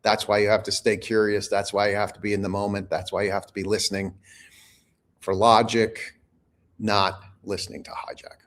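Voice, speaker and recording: Brief: male guest expert, lowish voice, calm and instructive, teaching in short clear points. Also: brisk. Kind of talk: explanatory interview talk.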